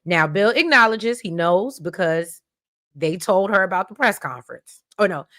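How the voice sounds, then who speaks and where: A woman's voice: mid-range voice, lively intonation, moderate pace, a bit bright. A woman hosting a casual soap opera recap, talking to viewers as y'all, getting emotional and exclaiming as she retells scenes. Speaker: recap host.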